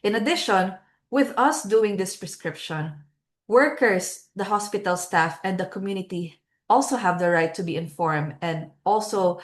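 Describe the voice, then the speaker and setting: A woman giving earnest closing remarks as host of an online webinar over a video call, with frequent filler pauses. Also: on the low side.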